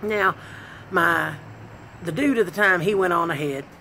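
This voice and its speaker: A woman vlogger telling a comic personal story, animated and self-deprecating, laughing as she goes. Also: fairly low pitch, unhurried, slight background noise, low-quality recording.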